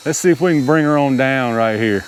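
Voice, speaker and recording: Excitable man flying outdoors. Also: medium pitch, a little fast, slight background noise. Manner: excitable, talks to viewers as "y'all", laughs at his own panic. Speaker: RC hobby video host. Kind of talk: casual running commentary while flying. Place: outdoors, small open area.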